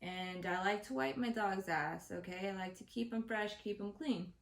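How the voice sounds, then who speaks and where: A woman's voice: mid-range voice, moderate pace, creaky. Exasperated profane woman ranting, roomy echo. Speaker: host. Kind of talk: comedic rant to camera.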